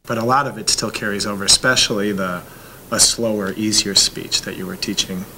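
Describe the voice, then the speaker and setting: A father describes home life in a relaxed interview. His voice sits a little low but sounds bright and forward. He thinks aloud and often restarts his sentences. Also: brisk, a little hiss or hum, poor audio. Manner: reflective, with restarts. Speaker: parent. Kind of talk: casual interview.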